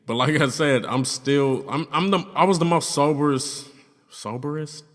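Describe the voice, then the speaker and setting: A man's voice: fairly high pitch, normal speed. A young man casually telling a personal story, loose and profane, with lots of fillers. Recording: long reverb, hollow room sound.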